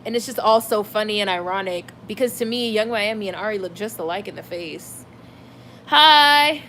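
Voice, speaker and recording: A woman's voice: medium pitch, brisk, a little hiss or hum. A woman hosting a livestream, chatting casually about celebrity gossip and reacting to comments from her chat. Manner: chatty, animated, heavy use of "like". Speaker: livestream host reading chat.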